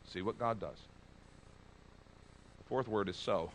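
A man preaching a sermon as pastor, earnest, rising loud when he reads scripture. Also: lowish voice, measured pace, slight background noise.

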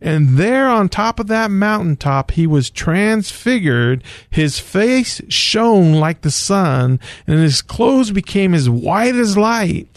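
A man teaching the Bible on the radio, taking his time over each phrase. His voice is somewhat high for a man and has a gravelly fry, and it sits close and dry with no room sound. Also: big pitch swings, slow pace, few pauses, no echo. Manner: storytelling retelling of scripture, earnest. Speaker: radio show host teaching scripture.

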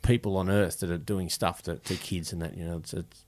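A male podcast host with a low voice keeps up a stream of quick agreement as his guest talks. His own comments come fast and brief, and he stays easygoing. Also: steady tone, a little mellow. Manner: agreeable, mostly short "yeah" backchannel. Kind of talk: casual podcast chat.

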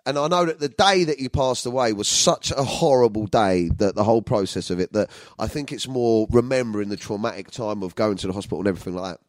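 A man hosting his own podcast, talking in a crude, loud, jokey way that keeps breaking into laughter and shouts. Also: on the low side, quick pace, few pauses, dry recording. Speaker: podcast host. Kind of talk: comedic solo podcast chat.

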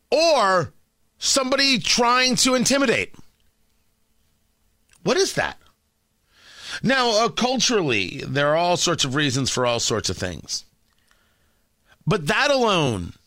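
Emphatic bright-voiced radio host, man. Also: high-pitched, very animated, slow pace, pauses often, no room sound, studio quality. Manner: emphatic, incredulous, rhetorical questions. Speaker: radio talk show host. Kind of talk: opinionated radio commentary. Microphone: studio microphone.

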